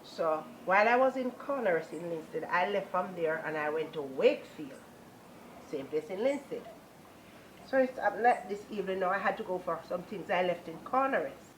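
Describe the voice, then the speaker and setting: A woman's voice: fairly low pitch, animated, normal speed, a little hiss or hum, poor audio. A woman with a Jamaican accent giving a personal religious testimony, telling her story earnestly and moving into repetitive, preaching praise.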